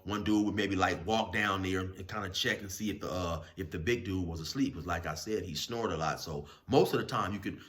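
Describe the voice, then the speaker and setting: A man's voice: sits low, fairly bright tone. Slangy man telling a rambling story. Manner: rambling, loose street slang, many fillers and restarts. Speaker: channel host telling prison stories. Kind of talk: casual spoken storytelling.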